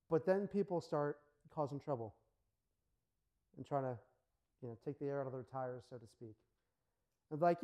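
A male pastor giving a sermon in a casual, animated storytelling manner. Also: medium pitch, normal speed, long pauses, low-quality recording.

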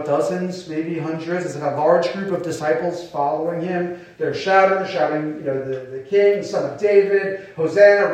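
A man's voice: fairly high pitch, a little mellow. A male pastor giving a sermon, explaining scripture in a casual, conversational way with rhetorical questions. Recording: very echoey room, voice from a distance.

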